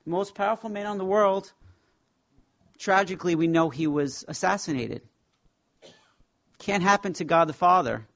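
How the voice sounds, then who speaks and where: A man's voice: sits high, a bit bright, lo-fi sound. Emphatic man teaching a Bible class. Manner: emphatic, reverent, with slow deliberate stresses.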